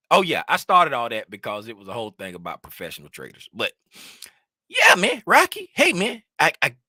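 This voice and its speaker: Male livestream host, high and lively voice, loose rambling chat, dry close sound. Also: no echo. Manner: rambling, animated, gets loud when fired up. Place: home desk with monitors.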